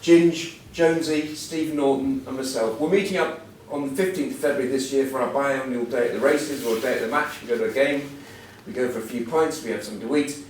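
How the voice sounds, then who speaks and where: A man's voice: mid-range voice, fast, few pauses. Older guy in his 60s doing a funny self-deprecating speech, big echoey room, faint hum behind. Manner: self-deprecating, humorous storytelling. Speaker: guest speaker. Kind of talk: anecdotal after-dinner talk. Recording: echoey hall, mic at a distance.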